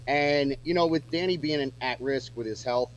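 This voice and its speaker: A man's voice: mid-range voice, moderate pace, lo-fi sound, slight background noise. A man chatting casually as a musician guest on a radio show, rambling with lots of fillers and restarts.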